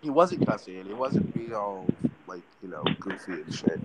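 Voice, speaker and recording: On a very noisy recording, a podcast co-host with a low voice at normal speed chats casually, swearing and rambling through an animated retelling of a story.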